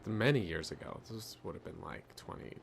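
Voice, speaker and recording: Man, gaming streamer, low voice, goofy rambling commentary, faint game music behind. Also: lively intonation, fairly quick, gravelly. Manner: goofy, rambling storytelling with frequent restarts. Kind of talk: casual gameplay commentary.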